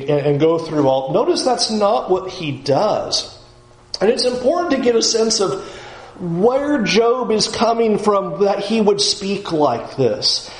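Earnest high-voiced male Bible teacher. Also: reverberant, poor audio. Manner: earnest, drops low and soft when quoting scripture. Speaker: preacher.

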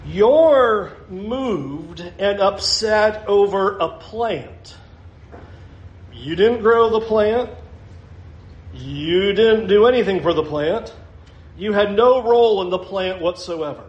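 A male pastor with a high voice delivers a sermon at an unhurried pace. His tone is conversational, and he chuckles as he makes his points. The recording is roomy, with an echo like a church sanctuary.

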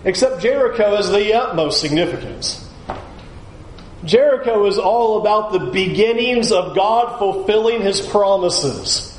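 Emphatic high-voiced male preacher. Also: lively intonation, unhurried, reverberant, slight background noise, rough recording. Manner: emphatic, urges listeners to picture the scene. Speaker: pastor. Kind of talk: sermon.

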